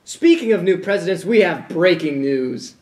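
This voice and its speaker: A young man delivers sarcastic comedy news lines in a dry, deadpan way. His voice sits a little high, and the room around him echoes. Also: moderate pace, recorded from a distance. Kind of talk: sketch comedy news banter.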